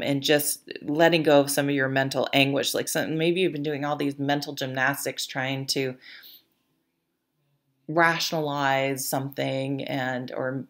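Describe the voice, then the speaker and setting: Low-voiced woman giving a chatty tarot reading. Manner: chatty, many fillers and restarts; laughs at her own stories. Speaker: tarot reader.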